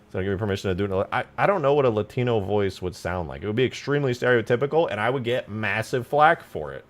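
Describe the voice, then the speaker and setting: A young man hosting a casual livestream, hyper and jokey, often bursting into loud shouts. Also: fairly low pitch, expressive, fast, hardly any pauses. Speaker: livestream host and game modder.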